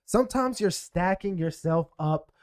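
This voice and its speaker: A man hosting a podcast, speaking in a halting, filler-heavy way during a casual conversation. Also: high-pitched, expressive. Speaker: podcast host.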